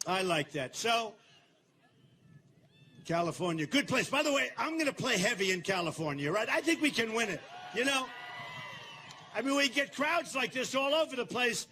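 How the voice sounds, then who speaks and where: An older man giving a campaign rally speech in a large venue, boastful and repetitive, turning to the crowd with asides and shouted slogans. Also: very high voice, lively intonation, normal speed, slight background noise. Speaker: political candidate.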